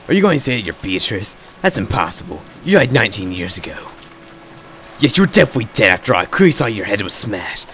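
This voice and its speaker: A man's voice: fairly low pitch, fairly bright tone. A man voicing a power-mad woman who rants scornfully and claims a witch's title, in an amateur fan dub. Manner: scornful, ranting.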